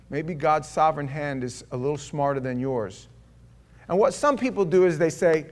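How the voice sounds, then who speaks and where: A pastor preaching a sermon in an animated, conversational storytelling way. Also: male voice, on the high side, moderate pace.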